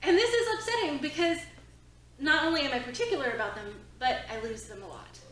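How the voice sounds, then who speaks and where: A middle-aged woman presenting as a therapist, telling a personal story in an expressive, conversational way with frequent "right?" asides. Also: high-pitched, a little fast. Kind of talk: storytelling talk to an audience. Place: presentation hall. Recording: echoey hall from a distance.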